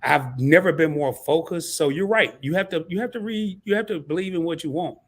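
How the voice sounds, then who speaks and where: A man joining a live stream as a guest, talking in a relaxed, chatty and earnest way. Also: a little high, fairly quick. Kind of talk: casual live-stream chat.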